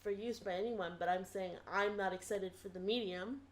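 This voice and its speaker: A woman's voice: medium pitch, steady tone, normal speed. A woman with a mid-range voice co-hosts a casual podcast. She lays out her opinions firmly and plainly. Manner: firm, explaining her opinion. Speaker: podcast co-host. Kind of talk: casual chat.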